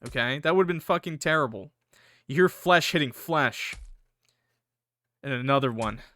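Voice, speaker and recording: A young man reading a visual novel aloud as a gaming creator, breaking off into excitable, swearing reactions. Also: mid-range voice, normal speed.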